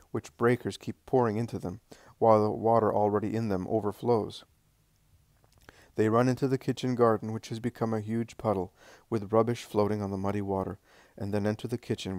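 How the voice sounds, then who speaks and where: A man reading a devotional story aloud in a calm, unhurried way, with the odd slip and restart. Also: fairly low pitch, dry recording. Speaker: audiobook reader. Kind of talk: devotional scripture-style reading.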